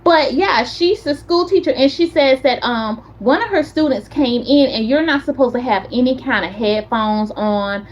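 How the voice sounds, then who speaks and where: A woman hosting a casual chat stream, telling animated stories and talking straight to her viewers. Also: high voice, moderate pace, few pauses. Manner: chatty, animated storyteller, talks straight to viewers. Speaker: content creator host.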